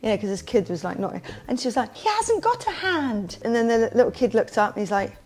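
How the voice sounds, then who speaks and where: A woman who runs a kids party business, telling stories as a podcast guest in a lively way and acting out the voices she quotes. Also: medium pitch, fast talker. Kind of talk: casual interview storytelling.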